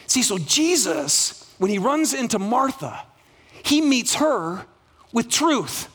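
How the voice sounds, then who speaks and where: A male pastor preaching a sermon to a congregation, animated, acting out dialogue and asking the room for responses. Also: very high voice, takes it slowly, breathy edge.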